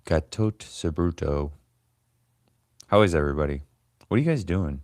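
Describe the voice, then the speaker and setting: A man in his forties with a low, bass-heavy voice chats loosely on a livestream. He rambles and curses between complaints, restarting his thoughts as he goes. The sound is dry and close, with no room echo. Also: moderate pace, a little mellow. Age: 40s. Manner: rambling, profane, grumbling. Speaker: comedian livestream host. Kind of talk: casual livestream chat.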